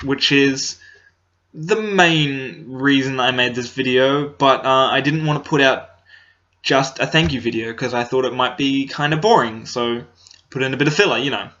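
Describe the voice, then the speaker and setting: A young man talks straight to his laptop camera in a hesitant, halting way, full of ums and restarts. His voice is bright and tense. The laptop's built-in microphone makes the sound dull and lo-fi. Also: medium pitch. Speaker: comedy vlogger. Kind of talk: casual talk to camera. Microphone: laptop built-in mic.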